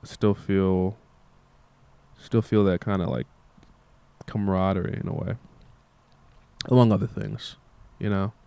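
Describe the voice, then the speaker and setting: A man's voice: sits low, fairly even intonation, unhurried, gravelly, long pauses, warm tone, clean tone, no echo. A tired young man who makes music, talking in a meandering casual monologue and swearing freely. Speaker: musician vlogger.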